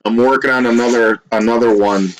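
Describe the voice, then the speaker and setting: A man playing a tabletop game, talking casually and halting as he restarts sentences. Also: mid-range voice, steady tone, slight background noise, poor audio. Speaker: player.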